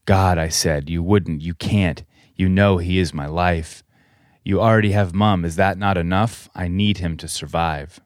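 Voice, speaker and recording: A man with a very low voice reads a listener's rhyming letter on his podcast. His delivery is measured and solemn, like careful storytelling. The sound is dry and close, with no room around it. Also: no echo. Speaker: podcast co-host.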